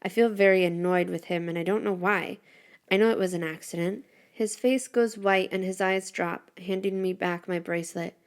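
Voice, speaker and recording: Expressive woman reading a story aloud. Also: lowish voice, moderate pace, smooth. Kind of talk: first-person story read aloud.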